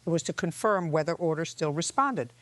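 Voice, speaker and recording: Measured woman narrating as a judge. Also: deep voice, expressive, dry recording. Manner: measured, reflective. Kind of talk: scripted narration.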